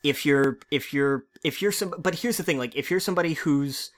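A man's voice: a little high, a little fast. Enthusiastic man explaining in a chat. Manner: enthusiastic and explanatory, with stammered restarts. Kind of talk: casual chat.

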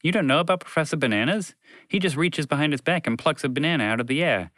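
A man's voice: a little high, animated, quick pace, a bit bright, dry recording, studio quality. A man narrating a children's story in a playful, teasing way, answering interruptions as he goes.

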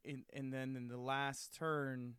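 A man's voice: mid-range voice, flat delivery, slow pace, fairly bright tone, smooth, dry recording. A man playing along as a dry interviewer in an improvised comedy sketch.

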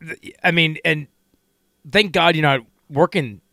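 A man co-hosting a radio show, chatting casually, excitable with quick reactions and stammering restarts. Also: fairly high pitch, creaky, no echo, studio quality. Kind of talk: casual chat.

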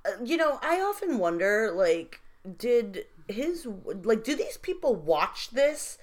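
A woman's voice: on the high side, big pitch swings, takes it slowly. Blunt, crude-talking woman. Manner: blunt, crude, dry asides. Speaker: podcast co-host. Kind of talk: casual chat.

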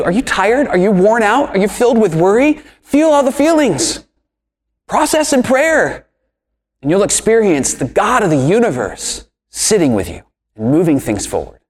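A man's voice: fairly high pitch, in a large hall. A man preaching a sermon with emphatic delivery, asking rhetorical questions and swinging his voice up and down. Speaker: pastor.

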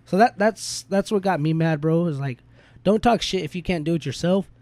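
A man's voice: a little high, normal speed, a little mellow, dry recording. A young man in casual podcast chat, venting in a heated, profane, slangy way.

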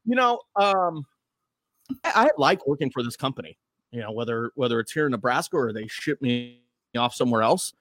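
On a dry recording, a man with a mid-range voice speaks at a brisk clip. He hosts morning radio and here, as a podcast guest, he drifts through animated, rambling anecdotes in relaxed conversation.

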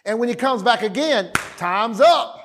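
A man preaching a sermon in an animated, conversational way, with laughing asides. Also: very high voice, a little slow, slight background noise.

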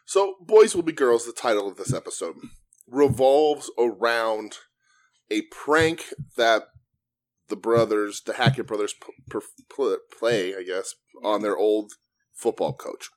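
A man with a somewhat low voice hosts a laid-back podcast. He recaps an episode in an easy, joking way, chatting with his co-hosts. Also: lively intonation, a little slow. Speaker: podcast host. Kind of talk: casual chat.

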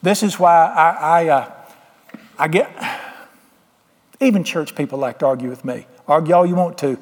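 A man's voice: on the high side, normal speed, long reverb tail. A man preaching a sermon, folksy, plain-spoken and emphatic with homespun sayings. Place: church sanctuary.

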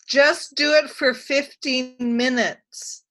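A woman who teaches writing talks through her memoir as a guest. Her voice is bright and somewhat high, and she often stops and restarts her phrases as she thinks. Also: fairly even intonation, slow. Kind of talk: casual interview chat.

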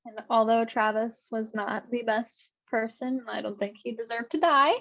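A woman's voice: fairly high pitch, fairly even intonation, moderate pace, fairly bright tone. A young woman co-hosting a podcast, telling a story in casual chat and laughing often. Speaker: podcast co-host. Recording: dull lo-fi mic.

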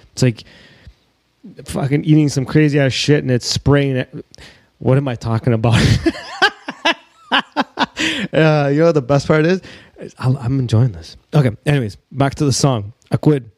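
A man hosting a podcast, rambling casually and excitably with plenty of swearing. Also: mid-range voice, no echo, clean studio sound. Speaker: podcast host. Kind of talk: rambling live-stream monologue. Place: home studio in Mexico.

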